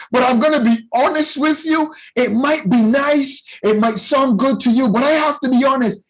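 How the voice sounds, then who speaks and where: A man teaching a youth class in a loud, passionate preaching style, often calling out to his listeners. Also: very high voice, normal speed, hardly any pauses, slightly rough, low-quality recording. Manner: loud and passionate, with call-and-response phrases.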